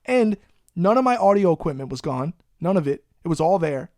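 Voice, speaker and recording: A man's voice: on the high side, big pitch swings, a little fast, dark tone, dry recording, studio quality. Profane New guy telling a story. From Long Island, New York. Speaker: podcast host. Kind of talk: casual storytelling.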